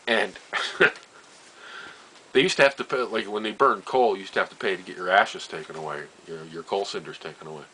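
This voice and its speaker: A man's voice: deep voice, brisk, bright, forceful tone, slight background noise, rough recording. An older man from Nova Scotia telling family stories in a casual way, chuckling often and repeating himself as he goes. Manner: laughs often, chuckling asides, trails off and repeats phrases. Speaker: storyteller. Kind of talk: casual personal storytelling.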